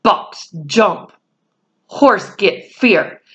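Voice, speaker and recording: A woman voicing a tiny, stoic man in a storybook reading, speaking in short, measured, terse phrases. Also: mid-range voice, animated, lo-fi sound.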